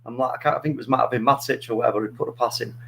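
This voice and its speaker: A man hosting a casual football chat, telling stories in a rambling, animated way with many restarts. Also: medium pitch, rapid-fire, gravelly, a little hiss or hum, poor audio. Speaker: podcast host.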